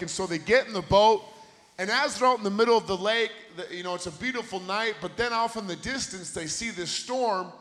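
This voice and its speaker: A man's voice: high voice, a bit bright. A man preaching a sermon into a handheld microphone, telling a story with building intensity and repeating key phrases. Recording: long hall reverb.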